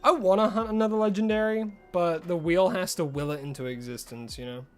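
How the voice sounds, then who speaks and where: Chatty male game streamer, higher voice. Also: fairly quick, soft background music. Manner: chatty, answers chat messages, rambling asides. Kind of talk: casual live-stream chat with viewers.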